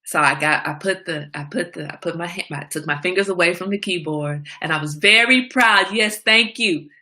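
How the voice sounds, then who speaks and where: A woman's voice: lowish voice, a little fast. A woman hosting a livestream, chatting casually with her viewers and telling candid stories with frequent laughter. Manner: animated storytelling with frequent laughter; candid, confiding. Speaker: livestream host.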